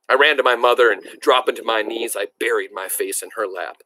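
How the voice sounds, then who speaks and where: A man reading a novel aloud in a measured, expressive storytelling manner. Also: lowish voice, a little hiss or hum, poor audio. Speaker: reader.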